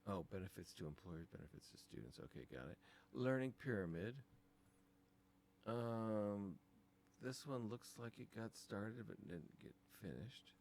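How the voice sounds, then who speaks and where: A man's voice: on the low side, expressive, a little slow, darkish tone, slight background noise. A man teaching design, talking through files on a screen capture in a casual, thinking-aloud way with many ums. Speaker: design instructor.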